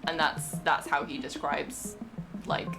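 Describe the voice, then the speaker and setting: A woman's voice: low-pitched, little pitch movement, unhurried, creaky, music in the background. A woman co-hosting a stream who talks in a hesitant, thinking-aloud way, repeating words as she goes. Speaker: stream co-host. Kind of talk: casual reaction chat.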